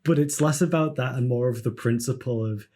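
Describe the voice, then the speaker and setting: Thoughtful, slightly husky man player. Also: mid-range voice, a little fast, warm tone. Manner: thoughtful, hesitant. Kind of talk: casual tabletop play.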